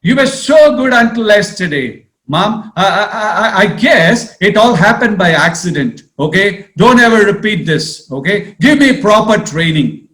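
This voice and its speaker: A man's voice: high voice, very animated, moderate pace, fairly bright tone, echoey room. A man voicing a young female bird who whines, begs and complains to her mother. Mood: indignant. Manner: whining, begging.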